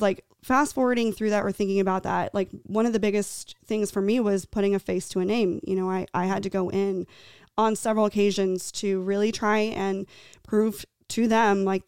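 A woman in her thirties co-hosting a podcast, telling a personal story in an earnest, halting way, tearful and choked up at times. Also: medium pitch, darkish tone, clean tone, no echo, studio quality. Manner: earnest, halting, many restarts and fillers. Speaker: podcast co-host.

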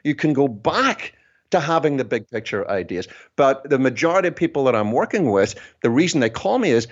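A Scottish man speaking as a business consultant guest in a podcast interview, blunt and animated. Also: medium pitch, fairly quick, highs cut off.

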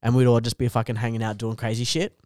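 A fast-talking young Australian with a medium-pitched voice, recorded dry at studio quality, is a comedian guest on a podcast. He rambles through an animated, sweary story, constantly saying "dude" and cracking himself up.

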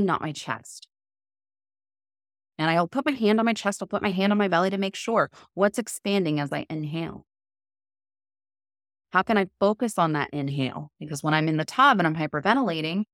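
A woman guest on a podcast interview, explaining a method in a calm, measured, coaching tone. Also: lowish voice, no room sound, clean studio sound. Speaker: guest, cold immersion method founder.

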